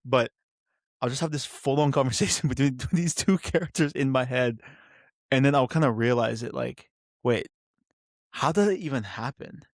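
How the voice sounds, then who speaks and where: Young man, solo podcast host, gravelly voice, dry close sound, rambling with fillers. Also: medium pitch, fairly even intonation, a little fast, no room sound. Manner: rambling, self-interrupting, many fillers.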